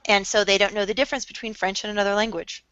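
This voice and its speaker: A woman's voice: medium pitch, steady tone, rapid-fire, a bit bright, smooth, no room sound. A woman co-hosting a casual talk show, joking and sarcastic in a playful way. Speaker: co-host. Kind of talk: casual chat. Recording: dull lo-fi sound.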